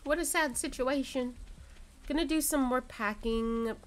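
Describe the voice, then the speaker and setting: A woman's voice: sits high, a little slow. A woman streamer chatting casually with her viewers while she plays a cozy farming game. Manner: chatty, reads and answers chat. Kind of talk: casual gameplay chat.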